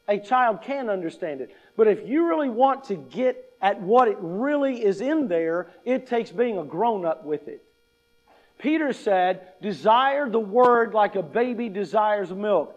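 A man with a high-pitched voice delivers a conversational sermon from a church pulpit. He leans on repetition, asking his listeners questions and restating each point. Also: darkish tone, lo-fi sound. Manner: conversational, emphatic repetition, acts out quoted attitudes. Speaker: preacher.

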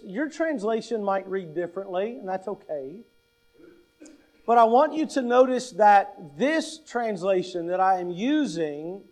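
A man preaching a sermon, emphatic and deliberate, stressing key words and posing rhetorical questions to the congregation. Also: sits high, darkish tone. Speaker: pastor.

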